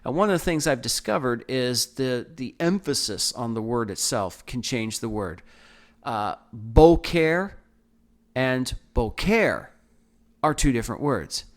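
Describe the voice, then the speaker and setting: A man's voice: mid-range voice, lively intonation, moderate pace, few pauses. A man hosting a podcast Bible study, explaining verses in a thoughtful, teaching manner with frequent restarts. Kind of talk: casual Bible study talk.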